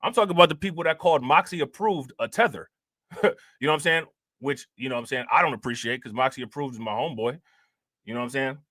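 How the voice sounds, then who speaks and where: A man's voice: on the high side, a bit bright, no echo, studio quality. A man hosting a casual livestream, talking loosely in slang and saying "you know what I'm saying" over and over. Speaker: livestream host.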